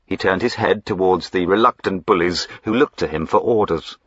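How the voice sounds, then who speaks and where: A man narrating a historical novel as an audiobook in a measured, even storytelling manner. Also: low-pitched, breathy edge, no echo, highs cut off.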